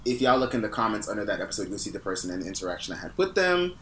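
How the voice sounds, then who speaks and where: A man's voice: lowish voice, sing-song, very fast, a bit bright, a little hiss or hum. A man co-hosting a podcast in casual chat, telling stories with lots of fillers and restarts. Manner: rambling storyteller with many fillers. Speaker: podcast co-host.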